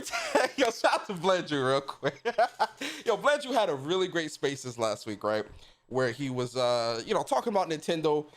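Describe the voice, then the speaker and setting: A man hosting a casual gaming livestream, greeting viewers by name in a laid-back, slangy way. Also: on the high side. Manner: laid-back slangy shout-outs, lively. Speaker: podcast host.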